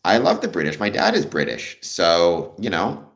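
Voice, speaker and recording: A man's voice: low voice, huge pitch swings, moderate pace, a bit bright. A Canadian man hosting a livestream, chatting casually with viewers in a friendly, rambling way with many ums. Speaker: livestream host.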